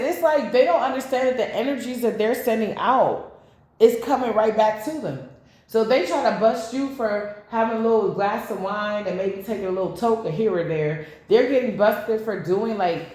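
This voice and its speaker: Woman doing a tarot reading, swears a lot and goes off on tangents, middle pitch, sounds like a big echoey room. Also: expressive, moderate pace, darkish tone. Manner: blunt, profane, rambling asides. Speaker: tarot reader. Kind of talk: casual tarot reading to camera.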